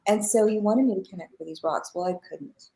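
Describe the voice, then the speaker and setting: Animated middle-aged woman telling stories. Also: mid-range voice, brisk, rough recording. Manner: animated storyteller who acts out quoted dialogue and laughs often. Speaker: spiritual teacher guest. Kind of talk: personal storytelling in a live interview.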